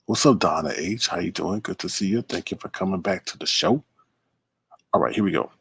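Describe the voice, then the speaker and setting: A man's voice: low voice, brisk, gravelly, fairly bright tone, husky. A man hosting a late-night livestream, chatting casually, greeting viewers by name and rambling through asides. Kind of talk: casual live-stream commentary.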